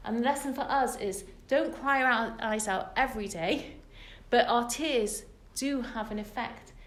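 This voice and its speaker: A woman's voice: a little high, measured pace. Earnest woman teaching in an echoey room. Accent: British English. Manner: earnest storytelling, lively and emphatic. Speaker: religious teacher. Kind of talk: women's Torah class talk. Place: room with a live group of women.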